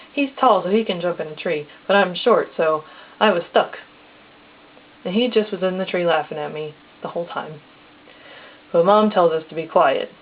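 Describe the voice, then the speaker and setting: A woman telling a casual personal story step by step, acting out the dialogue in plain quotes. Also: fairly low pitch. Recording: tinny phone-like lo-fi recording.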